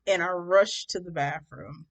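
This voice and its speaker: Brief: young woman, lowish voice, dramatic storyteller, laughs as she goes. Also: a little slow. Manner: animated, dramatic, laughs through the telling. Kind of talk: casual storytime vlog.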